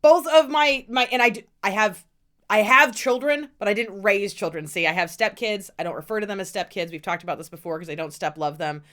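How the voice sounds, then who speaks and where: A woman's voice: mid-range voice, brisk, a bit bright. Middle-aged lady ranting on a podcast, blunt and cussing, fired-up chat. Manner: blunt and sweary, venting with mock outrage. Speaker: podcast co-host.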